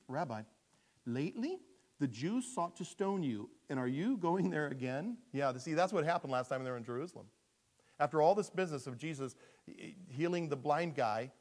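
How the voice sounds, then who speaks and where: A man preaching a sermon in a conversational, humorous style, animated and quick to laugh at himself. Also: medium pitch.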